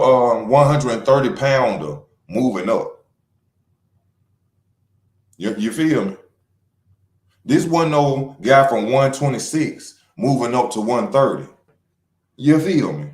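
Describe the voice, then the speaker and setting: A man's voice: medium pitch, animated, measured pace, a little mellow, echoey room. A man, giving casual, slangy boxing news commentary to viewers that turns heated and emphatic.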